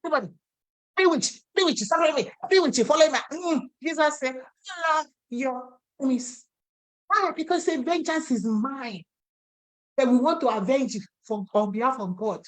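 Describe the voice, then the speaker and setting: A high-pitched woman with a Nigerian accent preaches with passion. She rises and falls as she urges her listeners, and now and then slips into the voices of the people in her story. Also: expressive, brisk. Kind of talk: sermon.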